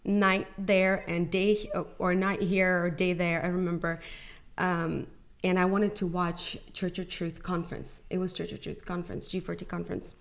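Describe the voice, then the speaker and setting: Young woman on a podcast telling her testimony, lots of "like", kinda low pitched, acts out the quotes. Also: level tone, moderate pace. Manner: chatty, many "like" fillers, acts out quoted dialogue. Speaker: podcast guest. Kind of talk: emotional personal testimony.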